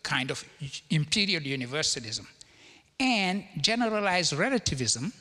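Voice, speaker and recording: Measured lecturing man in a reverberant hall. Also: fairly high pitch, very animated, sharp tone. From Africa. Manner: measured, lecturing, stresses key words. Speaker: panel guest, philosopher. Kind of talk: panel discussion.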